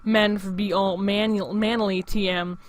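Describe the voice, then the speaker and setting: A man's voice: sits high, flat delivery, a little slow, no room sound. A young man in his late teens, hosting his own show in a rambling, profane casual monologue full of restarts. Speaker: show host.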